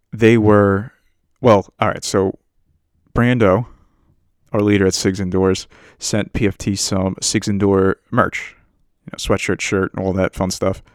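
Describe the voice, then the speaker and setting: A man's voice: lowish voice, fairly even intonation, slow pace, long pauses, no room sound, studio quality. A man hosting a casual podcast, ranting about a movie in a crude, rambling and self-mocking way. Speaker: podcast host. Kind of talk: casual profane movie rant. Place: home setup while on a muted work meeting.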